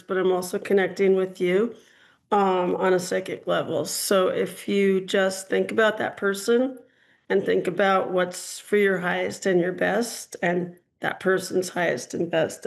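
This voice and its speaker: Woman psychic host, gravelly low-energy fry, chatty and rambling, call-in reading. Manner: chatty, hedging, frequent ums and "I'm getting". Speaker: psychic reader hosting a call-in show.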